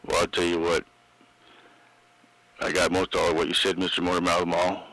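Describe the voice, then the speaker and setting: A man's voice: deep voice, monotone, normal speed, heavy background noise. A man chatting casually over a CB radio, with a folksy, drawling way of talking. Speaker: CB radio operator. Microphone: radio base station mic.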